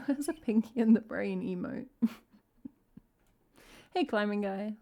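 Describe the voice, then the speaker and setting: A woman's voice: mid-range voice, takes it slowly, gravelly, warm tone, slight background noise. A woman from England, a singer-songwriter chatting playfully with wry jokes between songs on her live stream. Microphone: headphones and stream mic.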